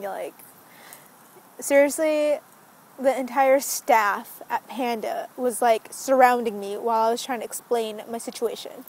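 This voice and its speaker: A young woman telling a story in a casual vlog, chatty and animated, recorded outdoors on a street. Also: on the high side, measured pace. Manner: chatty, animated retelling with lots of "like". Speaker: vlogger.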